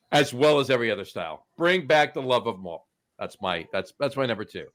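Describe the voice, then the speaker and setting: A man from New Jersey co-hosting a podcast, playfully delivering a mock campaign speech with stretched pauses. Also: mid-range voice, expressive, a bit bright. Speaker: podcast co-host.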